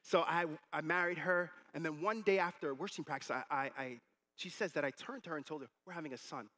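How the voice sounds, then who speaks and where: Bright-voiced male pastor preaching. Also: on the high side, fairly quick. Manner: animated storytelling, acting out quotes. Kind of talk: sermon.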